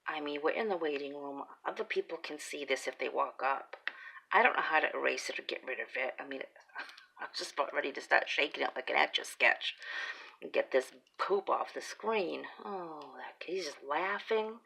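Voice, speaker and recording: A middle-aged woman chatting and telling family stories while crafting, laughing often and dropping into breathy whispered asides. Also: sits low, normal speed, pushed and bright, poor audio. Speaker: craft vlogger. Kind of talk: casual storytelling while crafting.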